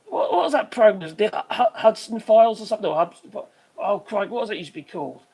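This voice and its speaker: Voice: mid-range voice, lively intonation, fast, mellow, breathy edge. A live stream host giving rambling commentary, swearing freely and trailing off while hunting for names.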